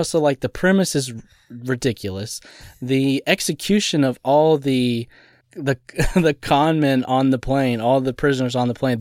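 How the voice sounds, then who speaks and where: A man co-hosting a podcast who chats casually about a movie, animated and laughing often in disbelief. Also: medium pitch, dry recording, clean studio sound. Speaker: podcast co-host. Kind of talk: casual movie review chat.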